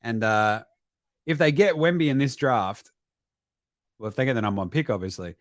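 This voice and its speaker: An Australian man hosting a basketball stream, talking in a sweary, animated way that jumps into mocking voices and sudden shouts. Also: medium pitch, normal speed, no room sound, studio quality. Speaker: basketball podcast host. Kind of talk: profane casual live-stream commentary.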